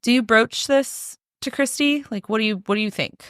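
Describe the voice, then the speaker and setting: Animated woman host telling a story. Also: a little high, normal speed, no echo, clean studio sound. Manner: animated, acts out quotes, laughs often. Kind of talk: casual storytelling chat.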